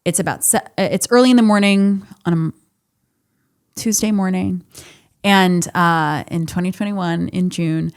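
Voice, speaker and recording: A woman's voice: lowish voice, normal speed, clean tone. A woman in her thirties hosting a podcast, telling a personal story in a candid, profane, emotional way. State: laughing and tearful. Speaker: podcast host.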